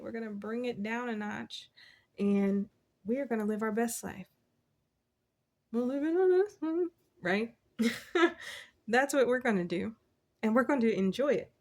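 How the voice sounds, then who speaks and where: A woman talks through a tarot reading in a relaxed, chatty way, cheering the listener on and dropping in lines of scripture. Her voice sits at a middle pitch with a gravelly, creaky texture. She laughs easily between thoughts. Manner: encouraging, chatty, laughs often; quotes scripture. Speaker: tarot reader. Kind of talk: casual spoken tarot reading.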